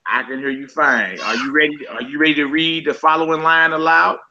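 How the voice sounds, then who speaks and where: A man teaching a casual group Hebrew lesson over a voice call, quizzing his students in a relaxed, conversational way. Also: a little high, a little fast, highs cut off.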